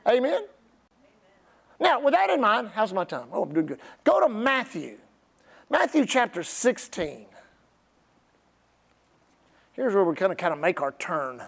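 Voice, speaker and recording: Preaching in a high, sing-song voice that is creaky and a bit bright, a middle-aged pastor stretches out important words. He calls on his congregation to echo him back.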